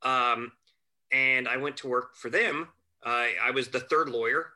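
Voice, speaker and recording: A man who is a guest on a chat show, telling lively anecdotes and acting out quotes. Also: mid-range voice, measured pace. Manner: animated anecdotes, acts out quotes, chuckles. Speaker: podcast guest, family lawyer. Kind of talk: casual storytelling chat.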